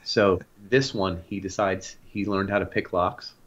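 A young man co-hosting a podcast, telling animated stories in casual chat and acting out the voices of people in them. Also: deep voice, unhurried. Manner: animated, acts out voices in anecdotes. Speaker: podcast co-host. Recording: dull lo-fi sound.

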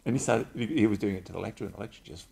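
Middle-aged man, low gravelly voice, loose rambling storyteller who swears a lot. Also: rapid-fire, a little mellow. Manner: rambling, swears freely, tells bawdy anecdotes. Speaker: drinks reviewer and interviewer. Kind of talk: casual chat.

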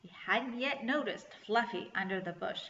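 Woman librarian, children's read-aloud, bright and clear; echoey room. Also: fairly high pitch, normal speed. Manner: clear, lively storytelling. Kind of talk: children's story reading. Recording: echoey room, slightly dull sound.

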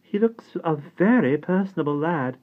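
A man's voice: a little high, lively intonation, moderate pace, pitched above the performer's own voice, natural voice. A man voicing a gracious, chatty duchess in a genteel, airy way. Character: gracious grand old duchess, woman, chatty. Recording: tinny phone-like sound.

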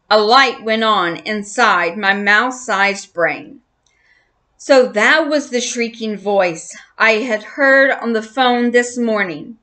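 A woman's voice: on the high side, expressive, slow pace, bright, forceful tone. A woman reading a children's book aloud, friendly and welcoming. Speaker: children's story reader.

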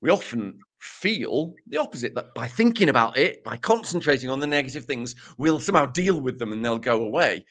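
A man's voice: medium pitch, lively intonation, brisk, few pauses, fairly bright tone. A man co-hosting a casual podcast, explaining research with dry, self-mocking humor. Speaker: podcast co-host presenting research.

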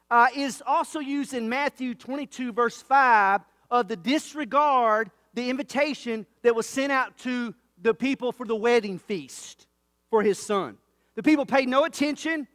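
A man's voice: very high-pitched, fairly bright tone, no room sound, clean studio sound, long reverb tail. A male pastor preaching a sermon in a church, fervent and emphatic, repeating his key points. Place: church sanctuary.

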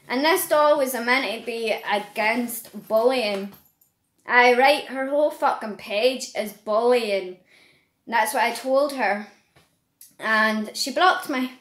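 Slow, halting Northern Irish woman. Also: on the high side, fairly bright tone. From Northern Ireland. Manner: earnest, halting, searching for words. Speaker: vlogger. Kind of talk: direct-to-camera vlog. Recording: echoey room.

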